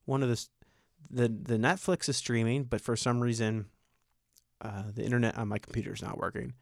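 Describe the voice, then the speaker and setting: A man's voice: medium pitch, steady tone, a little fast, creaky, no room sound, clean studio sound. A man in his thirties doing a stand-up comedy set, rambling and self-deprecating in a conversational way.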